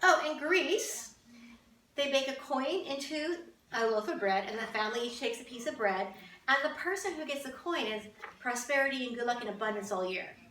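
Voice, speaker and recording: A woman's voice: sits high, expressive, moderate pace, fairly bright tone, echoey room, far from the mic, slight background noise, rough recording. A woman from Canada chatting casually to camera as a vlogger, with wry, amused asides.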